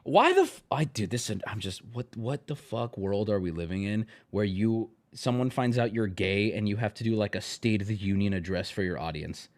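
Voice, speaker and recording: A male streamer giving casual, profane live commentary, swinging into loud exasperated rants. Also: lowish voice, moderate pace, hardly any pauses. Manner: animated, swearing, rising to loud exasperated rants.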